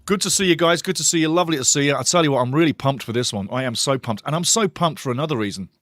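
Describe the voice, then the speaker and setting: A man hosting a live football watch-along stream, chatty and excitable as he greets his chat and reads out the lineups. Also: a little high, racing, dry recording, clean studio sound. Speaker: watch-along show host.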